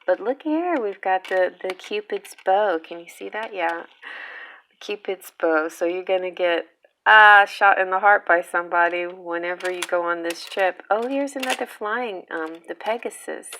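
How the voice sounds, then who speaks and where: Woman, tarot reader, lower pitch; casual, chatty, playful, laughs easily. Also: normal speed, sharp tone, slight background noise. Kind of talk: casual pick-a-card tarot reading.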